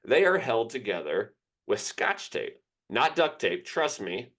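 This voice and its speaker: This young man, co-hosting a laid-back sports podcast, recounts something from his own life in an open, wandering way. His mid-range voice is fairly bright, swings widely in pitch, and moves a little slowly.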